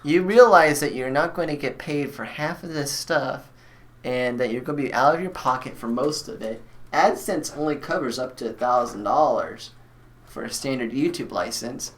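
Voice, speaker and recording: A man's voice: medium pitch, normal speed. A man hosting a live stream, chatting bluntly and rambling with many fillers while he builds a computer.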